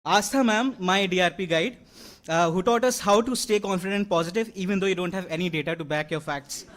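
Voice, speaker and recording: A man's voice: high voice, a little fast, a bit bright, a little hiss or hum. A young man, giving an earnest graduation speech with many fillers and restarts. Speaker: award-winning graduate. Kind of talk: convocation speech. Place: large convocation hall.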